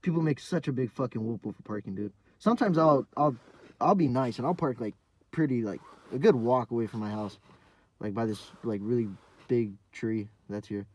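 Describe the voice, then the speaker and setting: A young man hosting a podcast, telling a rambling, profane story in a casual monologue full of fillers, sometimes dropping to a low mumble. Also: normal speed, a little mellow. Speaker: podcast host.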